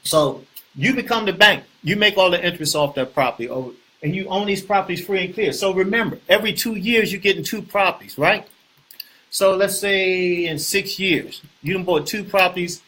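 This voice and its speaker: A man hosting a casual real estate talk, animated and preachy, often repeating himself and asking the viewers questions. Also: high voice, moderate pace. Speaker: host.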